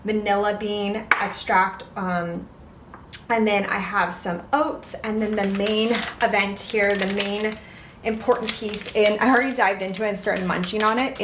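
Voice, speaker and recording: A woman's voice: medium pitch, far from the mic. A young woman chats through her cooking vlog, tasting as she goes and talking with her mouth full. Her voice sits mid-range and rings in an echoey kitchen. The mic is a little way off, with faint room noise behind her. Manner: chatty, talks while eating. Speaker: vlogger.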